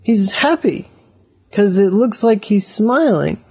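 An excitable little boy, as a man puts him on, firing off questions with his voice pushed up high. Beneath it there is a slightly gravelly, husky grain, and the recording sounds dull. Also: exaggerated voice. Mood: eager. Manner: eager, rapid questioning. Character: curious excitable boy, orange-haired.

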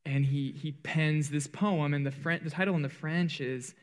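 A male worship leader with a slightly raised pitch, telling a story in a loose, joking way. He trips over restarts and fills gaps with "like," and jumps up high whenever he acts out what someone said. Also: fairly even intonation, moderate pace. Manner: rambling, self-deprecating and humorous, many "like" fillers and restarts; acts out quoted lines with big pitch jumps. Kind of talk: storytelling before a song in a church service.

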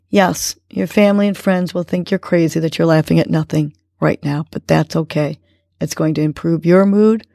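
A woman hosting a podcast, calmly guiding listeners through breathing exercises and affirmations. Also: on the low side, vocal fry, no room sound, clean studio sound. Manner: slow, calm guiding delivery. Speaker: podcast host.

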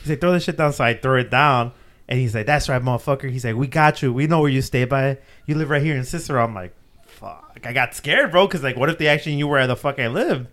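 A man's voice: mid-range voice, quick pace, a bit bright. A man hosting a casual podcast, telling a story in a laid-back way with lots of swearing. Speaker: podcast host.

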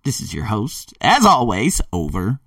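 A man hosting a motivational podcast, rambling energetically and swinging between loud excitement and quiet earnestness. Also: fairly low pitch, a little slow, no echo, clean studio sound, recorded from a distance. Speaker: podcast host. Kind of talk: motivational monologue.

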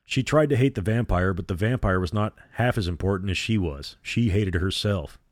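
Low-voiced man reading a dark story. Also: no echo, clean studio sound. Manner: measured, dramatic reading. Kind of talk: audiobook-style reading of a novel.

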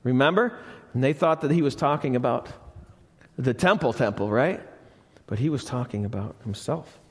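A man's voice: medium pitch, animated, moderate pace. A male pastor preaching a sermon. He speaks with emphasis, repeats key phrases and asks the congregation questions. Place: church. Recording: live church recording with long reverb.

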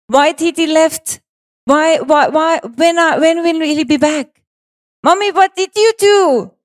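A woman's voice: extremely high pitch, pitched above the performer's own voice. A woman doing a small upset five-year-old boy. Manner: rapid repeated pleading questions.

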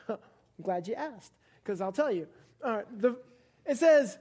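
A woman's voice: on the high side, animated, takes it slowly, long pauses, mellow, husky. A young woman giving a casual, playful sermon to a live congregation, chatting with them, laughing often and acting out little scenes. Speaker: preacher. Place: church service before a live congregation.

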